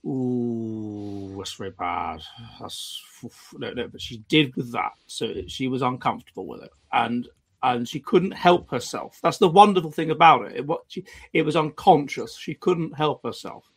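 A man's voice: a little high, lively intonation, normal speed, husky. A man hosting a panel discussion, emphatic and full of restarts. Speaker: host.

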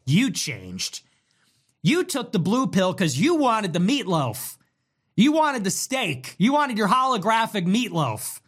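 A young man holds forth alone in a heated, mocking rant. His voice sits high for a man and swings widely from low grumbles to sharp peaks. He curses freely and talks with contempt throughout. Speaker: commentator. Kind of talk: solo monologue rant.

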